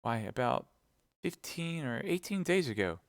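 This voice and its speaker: A man's voice: sing-song, a little slow, clean tone, no room sound, clean studio sound. A man voicing a frightened young female chambermaid, speaking in a pleading, breathless way during an audiobook reading. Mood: fearful. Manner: pleading, breathless, high-pitched.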